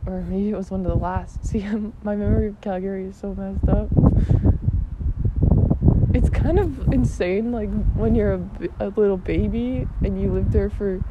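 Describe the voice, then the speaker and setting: A woman's voice: mid-range voice, normal speed. A young woman from Alberta, Canada, casually telling childhood stories, giggling often and swearing freely. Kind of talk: casual storytelling vlog. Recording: dull lo-fi with loud noise.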